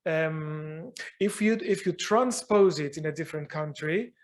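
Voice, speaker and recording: A man answers audience questions after a university lecture. His voice sits fairly high for a man, and he thinks aloud, pausing and rephrasing as he searches for the right words. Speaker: guest lecturer.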